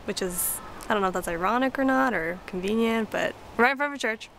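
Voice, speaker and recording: A young woman telling a story in a casual, excitable way, with lots of "like". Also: fairly high pitch, fast, creaky, a little hiss or hum. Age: young adult. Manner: excitable and chatty, full of "like".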